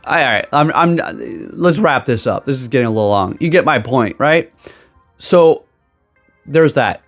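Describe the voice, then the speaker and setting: A young man rants straight into a desk microphone in a casual vlog, rambling and sarcastic, breaking off his sentences and starting over. His voice sits at an ordinary middle pitch, and faint music plays under him. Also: animated, unhurried. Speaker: gaming YouTuber.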